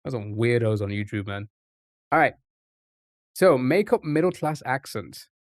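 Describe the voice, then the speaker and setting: A man's voice: medium pitch, expressive, measured pace, dry recording, studio quality. Rambling male streamer thinking aloud. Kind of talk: casual live-stream chat.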